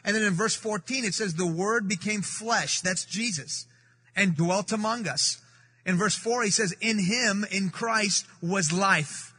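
A high, bright-voiced man from the Middle East preaching with emphatic repetition. His tone is slightly husky, and the church hall gives him a long reverb. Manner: emphatic, repeats key phrases, slows for scripture. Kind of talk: sermon. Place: church sanctuary.

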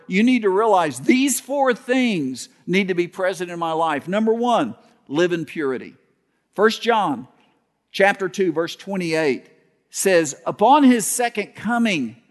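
A man who is a pastor, preaching a sermon with folksy storytelling, humor, and some halting restarts. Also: a little high. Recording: long hall reverb.

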